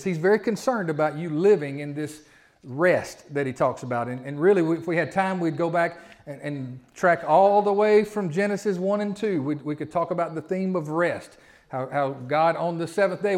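A pastor preaching a sermon, his voice sitting a little high for a man. He talks in a folksy way, repeats his words and presses his points with rising emphasis. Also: normal speed, a little mellow. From Southern United States.

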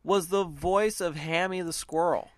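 A man's voice: sits high, steady tone, a little slow, no echo. Southern guy on a podcast gushing about movies, keeps restarting sentences, dry close mic. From American South. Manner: rambling, enthusiastic, restarts phrases. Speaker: podcast co-host. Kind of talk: casual movie chat.

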